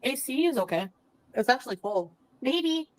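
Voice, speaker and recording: A woman from Canada chatting casually on a livestream, reading viewers' comments and answering them softly. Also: high voice, animated, normal speed, no echo, poor audio. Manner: soft, sympathetic, reads out viewer names. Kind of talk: casual live-stream chat.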